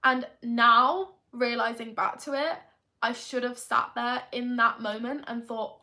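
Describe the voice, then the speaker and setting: Bright chatty young woman vlogging. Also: on the high side, fairly even intonation, a little slow. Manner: chatty, rambling, tag questions. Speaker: manifestation coach. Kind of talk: confessional vlog monologue.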